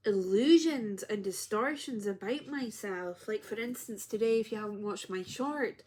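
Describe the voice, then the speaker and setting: A woman's voice: medium pitch, moderate pace, a little mellow. A woman who works as a spiritual healer tells a personal story in a heartfelt, reflective way on her vlog.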